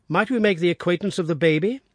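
A man voicing a composed, keen gentleman detective in an audiobook, measured and inquiring. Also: high-pitched, no room sound, voice pushed up. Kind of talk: audiobook character reading.

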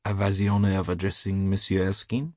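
A man voicing a polite older gentleman with a slight French accent. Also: low-pitched, little pitch movement, brisk, no room sound, studio quality.

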